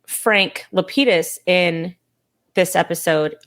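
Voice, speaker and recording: A woman co-hosting a podcast in casual chat, quick to interject and laughing often. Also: on the low side, a bit bright. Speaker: podcast co-host.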